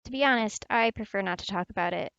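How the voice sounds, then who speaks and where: A woman reading the lines of a quiet man who returns to his old school, in a plain, even read of game dialogue. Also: mid-range voice, fast talker, creaky, clear, resonant tone, dry recording, highs cut off. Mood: reserved.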